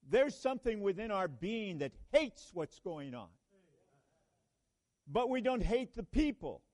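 A man with a fairly high voice preaches a sermon at a measured, unhurried pace. He speaks earnestly and halts to restart phrases. At times he builds to emphatic, ringing proclamations. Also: big pitch swings, darkish tone. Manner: slow, earnest, with halting restarts and sudden emphatic rises. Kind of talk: sermon at a church conference.

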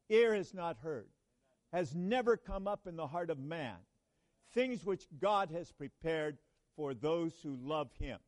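Slow, earnest high-voiced male preacher. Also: darkish tone. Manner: slow, earnest, with halting restarts and sudden emphatic rises. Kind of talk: sermon at a church conference.

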